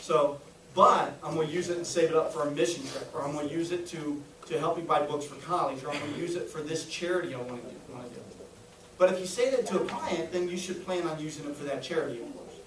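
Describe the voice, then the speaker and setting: A man delivers a live sales training talk to a small audience in a room, upbeat and coaching, frequently checking that everyone is following. His voice is on the high side and fast, with a noisy background. The room is echoey and he sounds a little distant.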